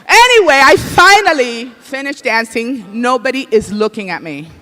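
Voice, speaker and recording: Flamboyant male host, very high bright voice. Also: very animated, moderate pace. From Dominican Republic. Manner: flamboyant, exclaims in Spanish. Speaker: comedy awards host. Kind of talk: stand-up hosting. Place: comedy stage before a live audience.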